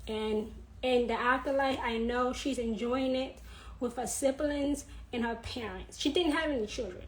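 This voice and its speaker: A woman in her thirties talking earnestly in a personal vlog, repeating her points and laughing softly now and then. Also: on the high side, moderate pace, low-quality recording. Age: 30s. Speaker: vlogger.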